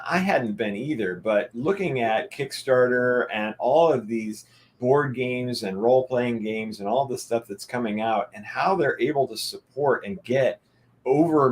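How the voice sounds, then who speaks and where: A middle-aged man in a casual podcast chat, thinking aloud in a musing way with frequent restarts. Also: medium pitch. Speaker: panel guest.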